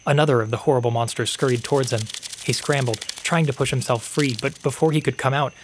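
A man narrating a fantasy story in a steady, measured storytelling voice. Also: medium pitch, a little hiss or hum. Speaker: podcast narrator. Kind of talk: scripted audiobook narration.

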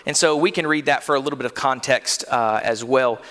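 A man's voice: mid-range voice, brisk, a bit bright. A man in his thirties preaching a sermon in a church, earnest and conversational, with frequent fillers and restarts. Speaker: pastor. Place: church sanctuary. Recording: long hall reverb.

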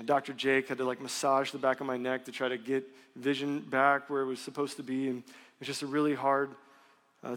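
Candid storytelling pastor in a reverberant hall. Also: male voice, mid-range voice. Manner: candid, conversational, animated storytelling. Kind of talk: sermon with personal story. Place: church sanctuary. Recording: long reverb of a church hall.

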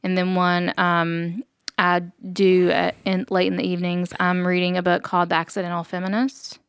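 A woman co-hosting a podcast, chatting casually with a smooth, clear voice at a middling pitch. She is teasing and chatty, with lots of ums. She is recorded close and dry, with no room sound. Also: completely flat delivery, normal speed, a bit bright, dry recording. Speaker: podcast co-host. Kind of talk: casual chat.

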